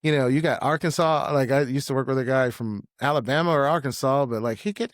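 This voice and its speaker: A blunt young man chatting as a podcast guest, his voice at an ordinary pitch. He rambles and swears freely, and the recording sounds close and dry, with no room around it. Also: animated, quick pace, few pauses, no room sound. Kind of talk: casual chat.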